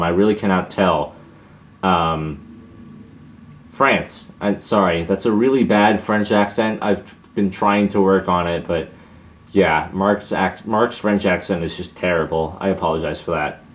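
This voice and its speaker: A man's voice: deep voice, a little hiss or hum. A young man answering viewer questions in a casual, hesitant monologue, with many fillers and restarts.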